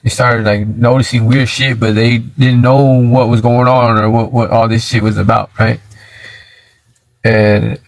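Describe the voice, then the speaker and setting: A man's voice: medium pitch, little pitch movement, a little slow, gravelly, poor audio. A man chatting casually and telling a story on a livestream from inside his car, in a slangy, laid-back way that keeps checking in with his listeners. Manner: slangy and laid-back, lots of "you feel me".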